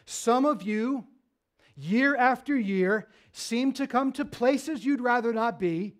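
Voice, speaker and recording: A man preaching a sermon as pastor, earnest, dropping low and soft then rising with emphasis. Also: slow pace.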